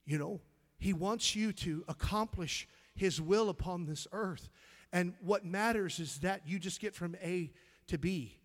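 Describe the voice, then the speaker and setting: Unhurried yet with few pauses, a middle-aged man preaches fervently in a high voice. Loud exclamations give way to soft, almost whispered storytelling, and he repeats words as emotion builds.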